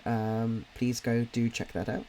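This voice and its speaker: A man's voice: medium pitch, completely flat delivery, measured pace, mellow. A man with a slight Cockney accent from near London, chatting casually on a live drawing stream, rambling with lots of fillers and restarts. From near London, England. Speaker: stream co-host and podcast writer.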